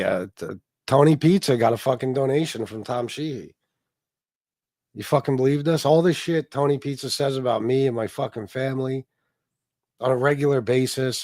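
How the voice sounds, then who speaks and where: A man's voice: mid-range voice, a little mellow, dry recording, studio quality. A man hosting a casual livestream, rambling and swearing in a mock-heartbroken way while greeting chat members. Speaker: livestream host. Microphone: desk microphone.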